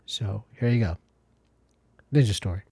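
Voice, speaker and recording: A man's voice: on the low side, normal speed, creaky. A man co-hosting a casual podcast, laid-back and joking as he introduces tracks. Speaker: podcast co-host. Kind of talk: casual chat.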